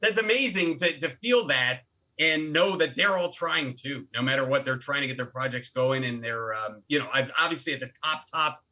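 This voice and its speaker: A middle-aged man talks as a podcast guest, spinning stories and tumbling through quick restarts. His voice is bright and forceful, sitting at an ordinary pitch for a man. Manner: animated storyteller with many restarts. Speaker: guest, actor and filmmaker. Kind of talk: casual interview talk.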